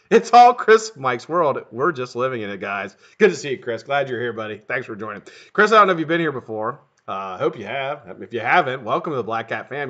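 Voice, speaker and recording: A middle-aged man chats on a live stream, his bright, forceful voice swinging widely in pitch. He rambles and swears between greetings to viewers. The audio is dull and lo-fi. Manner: profane, rambling, jokey.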